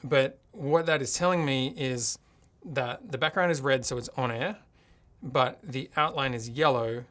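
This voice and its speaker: A man's voice: mid-range voice, a bit bright. A man from Australia hosting a live tech tutorial from his home streaming studio, talking casually and thinking aloud as he works his gear. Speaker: livestream host.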